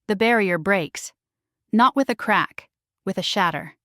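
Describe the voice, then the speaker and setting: A woman's voice: medium pitch, measured pace, fairly bright tone, no echo, clean studio sound. A woman narrating a first-person romance audiobook in a dramatic, intimate storytelling manner.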